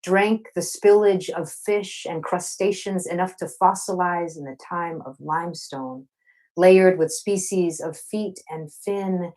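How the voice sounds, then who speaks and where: A woman from Arkansas, a poet, giving a live reading over a video call, chatting playfully between slow, rhythmic poems. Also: lowish voice, darkish tone, rough recording. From Arkansas, USA. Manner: slow, rhythmic poetry delivery. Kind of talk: poetry reading.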